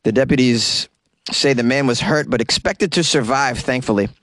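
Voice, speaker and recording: A man's voice: medium pitch, moderate pace, fairly bright tone, dry recording, clean studio sound. A man hosting a comedy news podcast, reading stories aloud and breaking off into sarcastic rants, recorded in a small closet.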